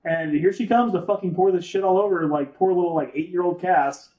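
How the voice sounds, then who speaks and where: A young man with a high voice co-hosts a casual podcast and tells crude, jokey stories. The sound is roomy and echoey. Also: a little fast, narrow, tinny audio. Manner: profane, jokey storytelling. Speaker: podcast co-host. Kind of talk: casual chat. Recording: roomy echo.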